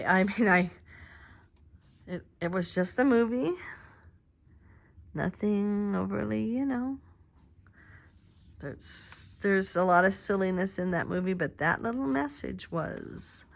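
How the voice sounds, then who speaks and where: Mid-range and creaky, this older woman's voice has lively intonation, a slow pace, and frequent pauses. She's a crafting vlogger chatting casually in her quiet home craft space, wandering through thoughts with fillers and restarts and murmuring softly while she works.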